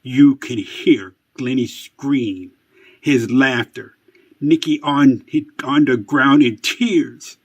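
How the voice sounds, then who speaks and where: A man spins a family tale as spooky mock-suspense narration, taking his time over every word. His voice is slightly husky and sits at an everyday middle pitch. He slips in wry, self-mocking asides between the dramatic lines. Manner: dramatic, slow and hushed, building to excited outbursts. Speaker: storyteller.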